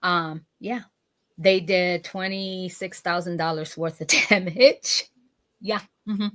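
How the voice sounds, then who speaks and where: A woman's voice: lowish voice, fairly even intonation, slow, a bit bright. A woman guest in casual chat, rambling a little with many restarts.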